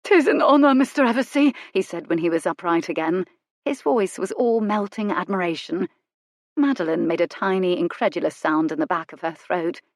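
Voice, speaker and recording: A woman narrating a romance audiobook in a measured, wry storytelling manner. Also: on the low side, no room sound, studio quality. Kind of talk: scripted narration.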